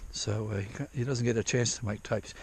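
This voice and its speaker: A man with a gravelly, husky voice talks outdoors at a dig site in light rain. He rambles in loose, profane asides, breaking off and restarting his sentences as he goes. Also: lowish voice, fairly quick, a little mellow. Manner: rambling, profane, self-interrupting. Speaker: vlogger prospecting for gold. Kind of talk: casual rambling vlog.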